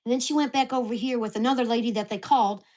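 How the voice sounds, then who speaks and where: A woman's voice: fairly high pitch, fairly even intonation, fast talker, a little mellow. Blunt, profane woman ranting at home. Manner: blunt, profane, heated storytelling. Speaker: vlogger. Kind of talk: casual ranting vlog.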